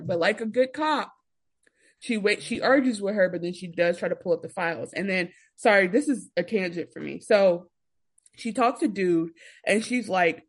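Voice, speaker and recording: A young woman co-hosting a podcast in casual chat, rambling through a recap and acting out quotes. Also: lowish voice. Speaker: podcast co-host.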